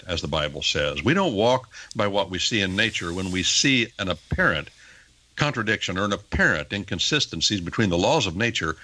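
Older man, low pitch, bright forceful tone, emphatic lecturing radio talk. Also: no room sound, poor audio. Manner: emphatic, lecturing, animated with rising stresses. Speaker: radio talk show guest teaching on the Bible. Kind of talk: on-air Bible teaching talk.

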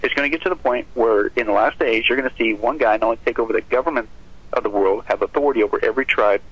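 Husky pastor man warning urgently. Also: mid-range voice, very fast. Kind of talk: preaching on prophecy in a radio talk. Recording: muffled lo-fi broadcast audio.

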